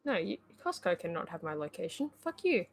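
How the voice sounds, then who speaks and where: A woman with an Australian accent chatting on a late-night stream, blunt and swearing freely, with halting restarts. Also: lowish voice, very animated, faint music behind. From Western Australia. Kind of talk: late-night casual chat.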